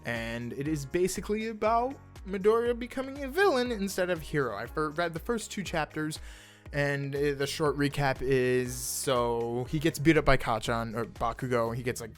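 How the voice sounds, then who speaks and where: A young man with a slightly high voice reads fan fiction aloud at a normal pace over soft background music. His casual, animated reading is full of stumbles over words, asides, and laughter at the text.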